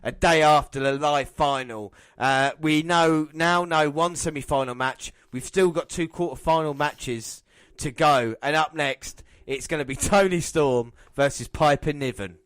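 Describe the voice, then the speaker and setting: Guy doing excited wrestling play-by-play on a podcast, kinda high voice, dry sound. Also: unhurried, smooth, no echo. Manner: excitable, laughs often, teasing. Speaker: podcast co-host. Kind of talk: casual wrestling watch-along commentary.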